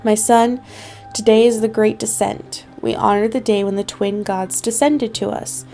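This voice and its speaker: A woman's voice: mid-range voice, steady tone, moderate pace, soft background music, lightly acted. A woman doing a tender noble mother. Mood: solemn. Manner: tender, soft-spoken.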